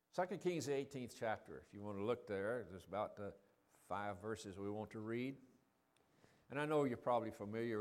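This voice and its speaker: Man preaching conversationally from scripture. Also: fairly low pitch. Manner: conversational, asks the audience questions; reads scripture quotes in a raised voice. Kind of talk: sermon reading and explaining scripture.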